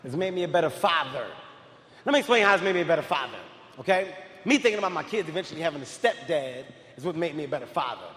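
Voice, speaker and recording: A man doing stand-up comedy, telling stories in a loud, animated way and often shouting. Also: a little high, fast talker. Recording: live hall reverb, faint crowd ambience.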